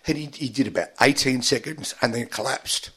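A man, a guest in a radio studio interview, telling his story haltingly with many fillers and getting emotional at times. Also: mid-range voice, a bit bright, breathy edge.

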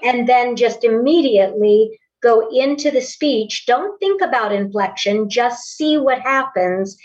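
A woman's voice: lively intonation, unhurried, a little mellow. Woman voice coach, distant and lo-fi. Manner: instructive, demonstrates pitch by counting aloud. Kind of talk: coaching a student through voice exercises.

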